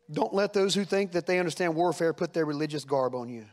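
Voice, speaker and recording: A man's voice: a little high, expressive, quick pace, few pauses. A man preaching a sermon, folksy and plain-spoken, building to fervent rhetorical questions. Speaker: pastor.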